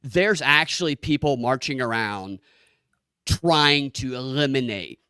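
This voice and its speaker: A man's voice: mid-range voice, measured pace, pushed and bright, clean tone, dry recording, clean studio sound. A man hosting a podcast, giving sarcastic political commentary and often stammering and restarting his sentences. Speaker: podcast host.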